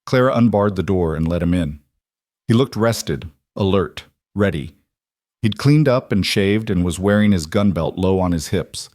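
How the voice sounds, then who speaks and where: Low-voiced male story narrator. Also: animated, moderate pace, darkish tone, no echo, studio quality. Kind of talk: scripted audiobook narration.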